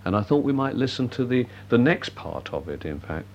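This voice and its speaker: Lively, genial radio presenter. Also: male voice, medium pitch, brisk, dull audio, a little hiss or hum. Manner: chatty, genial, rambling. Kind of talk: local radio chat. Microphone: studio microphone.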